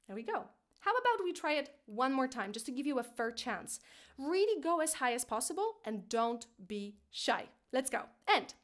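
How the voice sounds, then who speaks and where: A woman teaching an online singing lesson, encouraging and playful, now and then jumping into a high head voice. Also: animated, moderate pace, sharp tone.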